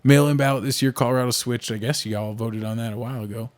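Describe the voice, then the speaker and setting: A man's voice: medium pitch, steady tone, quick pace. A young man from the United States co-hosting a casual podcast, talking politics and movies with lots of fillers and restarts. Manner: rambling, frequent fillers and restarts. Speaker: podcast co-host.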